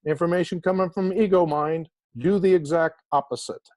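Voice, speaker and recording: Interviewed as an author, a man tells an inspiring story, slowing to stress key words and speaking with animated emphasis. His pitch is on the high side, with no echo in the recording.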